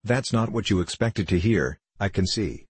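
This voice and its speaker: A man's voice: on the low side, expressive, normal speed, breathy edge, dry recording. A man reading the part of a boisterous, suspicious middle-aged doctor who is ruined, talking in a blustering, confiding way.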